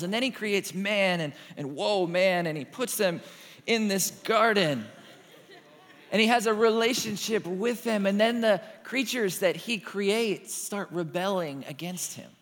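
Animated, joking preacher in a big hall. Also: male voice, high voice. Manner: animated, joking, acts out little dialogues. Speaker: pastor. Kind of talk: sermon.

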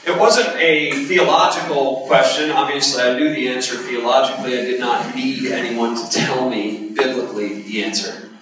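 A man's voice: medium pitch, steady tone, normal speed, a bit bright, slight background noise. A man preaching a sermon, telling a personal story in a candid, conversational way with emphatic bursts. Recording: echoey hall, voice from a distance.

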